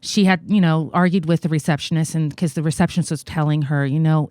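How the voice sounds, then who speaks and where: An American woman in her forties, a guest in an interview, telling a personal story in a halting, earnest way with many fillers. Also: deep voice, fairly even intonation, warm tone, smooth, no room sound, clean studio sound. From United States. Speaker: guest, congressional candidate.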